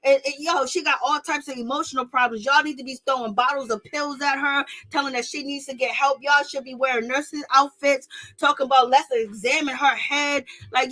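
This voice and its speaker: A woman's voice: sits high, sharp tone. A woman hosting a commentary channel, blunt and gossipy as she talks straight to her viewers about a reality show, in casual speech with features.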